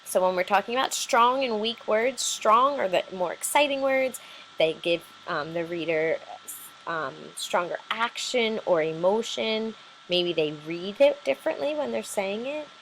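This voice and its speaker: A woman's voice: mid-range voice, animated, a little slow, fairly bright tone, slight background noise, rough recording. A woman teacher giving a recorded lesson, explaining patiently step by step with many fillers.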